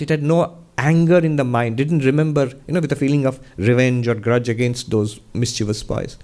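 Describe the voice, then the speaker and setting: Monk giving a spiritual Q&A talk, measured, conversational storyteller. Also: male voice, on the high side, a little mellow. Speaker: monk and resident minister.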